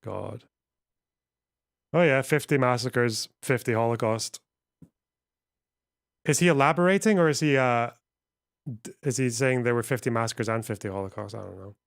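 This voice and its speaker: Male streamer, mid pitch, crisp voice, loose profane chat to viewers. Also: moderate pace, pauses often, no room sound, clean studio sound. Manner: profane, rambling, reacting to chat. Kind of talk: casual live-stream chat.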